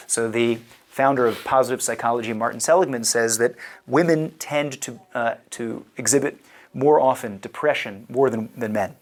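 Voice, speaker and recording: A man's voice: medium pitch, normal speed. Chatty man in his thirties teaching. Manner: chatty, digressive, many fillers like "you know". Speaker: rabbi teaching a class. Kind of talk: casual lecture.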